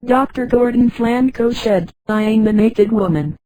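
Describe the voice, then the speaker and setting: A woman's synthetic voice narrating a sci-fi story in an even, flat reading that reads punctuation marks aloud. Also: on the high side, unhurried, slight background noise, rough recording.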